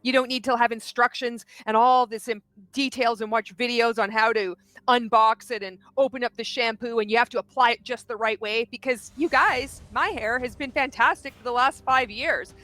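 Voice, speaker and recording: A woman's voice: a little high, fairly even intonation, moderate pace, bright, forceful tone, no room sound. A woman hosting a commentary show, reacting to video clips in a blunt, sarcastic, critical way. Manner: mocks others by quoting them in exaggerated voices.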